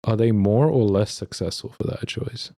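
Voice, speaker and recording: A man's voice: lowish voice, normal speed, creaky, dark tone. A young man from Australia chatting loosely on a live stream, reading and answering viewer messages with a rambling, laughing manner. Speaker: livestreamer reading chat. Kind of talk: casual live-stream chat.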